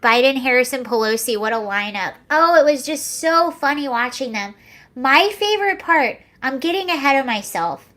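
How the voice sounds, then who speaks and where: A woman's voice: high-pitched, expressive, normal speed, bright, forceful tone. A young woman hosting a casual livestream, chatting sarcastically, laughing often and answering viewer comments. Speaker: livestream host.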